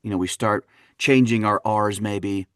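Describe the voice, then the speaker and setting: A man, an actor and dialect coach, telling lively stories in a casual interview and acting out what others said. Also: on the low side, unhurried, no room sound, clean studio sound. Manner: animated storyteller, acts out quotes, laughs often. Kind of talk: conversational interview.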